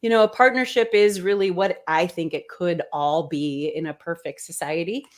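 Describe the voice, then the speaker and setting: A woman joins a live talk show as a call-in guest, with a somewhat low voice. She gushes warmly and pauses often to search for her words with ums. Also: steady tone. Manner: warm, gushing, hesitant with ums. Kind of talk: casual chat.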